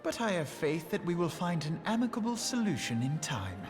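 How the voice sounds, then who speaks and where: An actor playing a formal, loyal male military leader in a video game, speaking in measured tones. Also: high-pitched, big pitch swings. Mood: assured. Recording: game audio over music.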